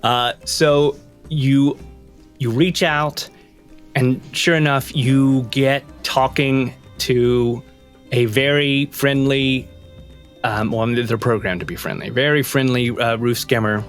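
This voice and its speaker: A man's voice: mid-range voice, fairly even intonation, slow pace, soft background music. A man running a tabletop game as game master, narrating in a rambling, playful way and often correcting himself.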